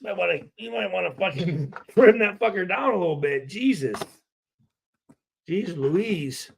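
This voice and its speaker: A man's voice: sits high, expressive, a little slow, vocal fry, husky. A middle-aged man hosting a casual livestream, telling stories with lots of swearing and laughter. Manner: profane, laughing storyteller. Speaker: livestream host, former player.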